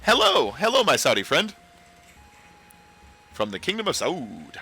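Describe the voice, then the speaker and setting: A man's voice: fairly high pitch, sing-song, unhurried, bright, forceful tone, a little hiss or hum. A man hosting a casual livestream, rambling and talking back to his chat. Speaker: livestream host.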